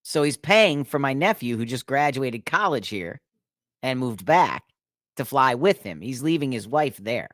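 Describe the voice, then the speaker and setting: A man's voice: mid-range voice, big pitch swings, a little slow, fairly bright tone, dry recording. A man hosting a podcast, telling a long rambling story in casual chat and laughing at his own jokes. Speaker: podcast host.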